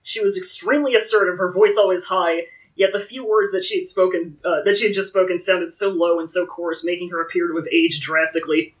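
A woman co-hosting a casual book discussion, recapping the story with a lively voice. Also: on the low side, fairly quick, far from the mic, low-quality recording. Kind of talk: casual book-club chat.

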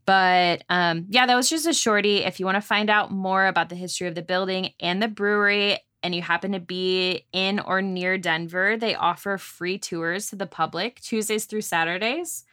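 A woman's voice: mid-range voice, fairly even intonation, moderate pace, hardly any pauses, pushed and bright, clear, resonant tone, no echo, studio quality. A woman co-hosting a podcast in casual chat, wry, laid-back and joking. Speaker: podcast co-host.

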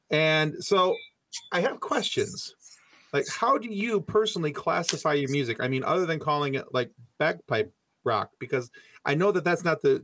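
Male podcast host, relaxed and jokey, mid pitch, dead-dry recording. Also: dry recording. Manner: joking, easygoing, self-deprecating. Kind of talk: casual interview chat.

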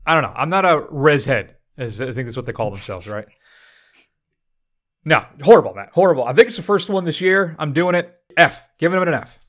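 A man co-hosting a film review podcast, talking in a casual, animated, joking way. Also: on the high side, a little fast. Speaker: podcast co-host.

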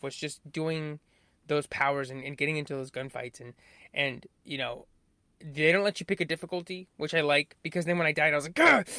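A man's voice: on the high side, pushed and bright, no echo. A man in casual conversation as a podcast co-host, rambling with lots of fillers and swearing. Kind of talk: casual chat.

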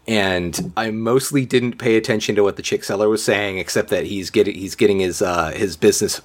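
A man co-hosting a podcast, recapping a cartoon in casual chat, halting and wry, with many fillers. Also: fairly low pitch. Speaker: podcast co-host.

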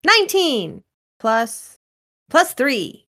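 A woman's voice: sits high, big pitch swings, very slow, bright, forceful tone. Woman playing d&d, casual, kinda playful. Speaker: tabletop game player. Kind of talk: casual play chat.

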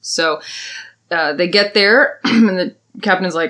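Woman podcast co-host, lowish voice, chatty recap that slips into quick character voices. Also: bright, forceful tone. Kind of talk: casual chat.

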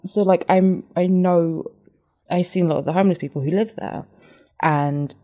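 A woman's voice: lowish voice, steady tone, normal speed, mellow. A young English woman co-hosting a podcast, chatting casually and swearing freely. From England. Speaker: podcast co-host. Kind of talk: casual chat.

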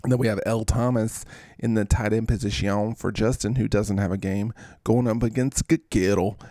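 A man hosts a podcast in a loose, goofy commentary style, wandering into playful asides. His voice is mellow and dark, with a gravelly creak. The sound is dry and close. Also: fairly low pitch, dry recording. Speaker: podcast host. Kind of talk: casual fantasy sports commentary.

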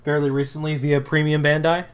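A man's voice: on the high side, flat delivery, fairly quick, clear, resonant tone. Wry joking man on a podcast. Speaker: podcast co-host. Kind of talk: casual fan chat.

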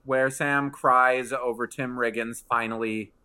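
A man co-hosting a casual chat, retelling a TV episode with animated asides and acting out lines. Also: mid-range voice, unhurried, clean tone. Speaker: podcast co-host.

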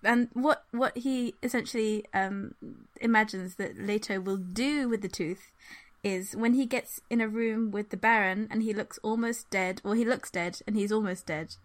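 A woman co-hosting a casual book discussion, rambling with lots of fillers and quick laughs. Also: medium pitch. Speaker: podcast co-host.

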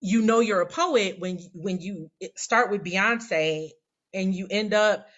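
A woman's voice: mid-range voice, slow, fairly bright tone, dull audio. A woman in her forties, a poet guest telling a rambling, candid, self-deprecating story in casual interview chat. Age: 40s.

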